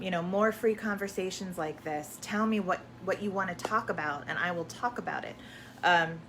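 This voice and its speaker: A woman's voice: lowish voice, sharp tone, slight background noise. A woman hosting a live question-and-answer stream, talking casually and rambling with many fillers and restarts.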